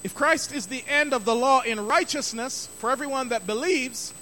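A man's voice: very high-pitched, moderate pace, bright, forceful tone, a little hiss or hum. A middle-aged man preaching a sermon as pastor, emphatic and repeating key phrases for stress.

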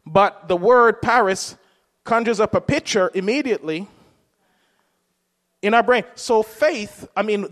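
A man with a high voice delivers a sermon in a relaxed, conversational way. He keeps asking his listeners questions as he goes. His voice rings with a long reverb, as if it were recorded in a hall. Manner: conversational preaching, rhetorical questions. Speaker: preacher.

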